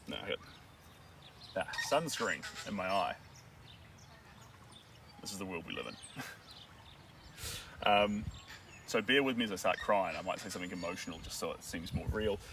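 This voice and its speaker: A man chatting casually on a live stream while painting a dog portrait, rambling and joking as he thinks aloud. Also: low voice. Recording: distant mic with outdoor noise.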